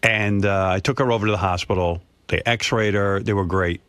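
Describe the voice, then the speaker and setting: A man's voice: on the low side, steady tone, normal speed, a bit bright, clear, resonant tone, dry recording. A middle-aged man hosting a radio show, telling a personal story in a rambling, emotional way with many restarts. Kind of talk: casual radio chat.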